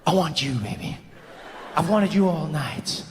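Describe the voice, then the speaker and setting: A man's voice: fairly high pitch, lively intonation, unhurried, slight background noise, pitched below the performer's own voice. Man playing a needy, pestering boyfriend in bed. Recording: stage mic with long hall reverb.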